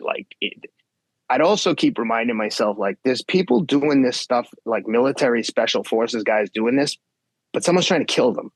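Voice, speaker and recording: A man in his fifties, a guest athlete telling race stories in blunt, profane, animated casual chat. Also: mid-range voice, fairly quick, no room sound. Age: 50s. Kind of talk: casual podcast storytelling.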